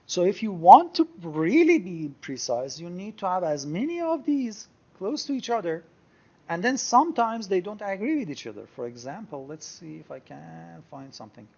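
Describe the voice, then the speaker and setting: A man teaches a software tutorial, explaining and thinking aloud as he clicks through charts. His voice sits high and swings widely in pitch. The sound is a bit dull and lo-fi. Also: very animated, normal speed, gravelly. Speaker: trading software instructor. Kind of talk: screen-share tutorial.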